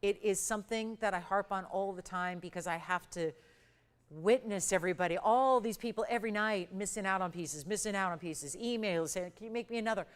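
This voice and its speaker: A woman hosting a live jewelry shopping show, pitching prices with urgent, excitable hype. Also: fairly quick, clean tone. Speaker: jewelry shopping channel host.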